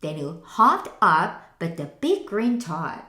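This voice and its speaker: A woman teacher reading a picture book aloud slowly, in an expressive sing-song way. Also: on the low side, reverberant. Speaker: English teacher.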